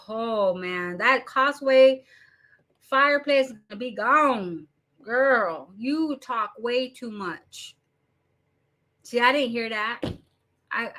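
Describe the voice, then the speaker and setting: A woman from Arizona talks straight to her viewers in a blunt, swearing rant on her commentary channel. Her voice sits a little high and sounds bright and forceful. She mocks the people she quotes in a casual, unscripted way. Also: takes it slowly.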